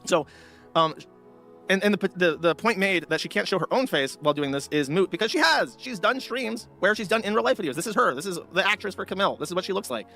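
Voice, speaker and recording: Blunt male streamer, rapid, slightly high voice. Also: expressive, bright, forceful tone, soft background music. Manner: blunt, mocking. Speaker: streamer host. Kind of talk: livestream commentary.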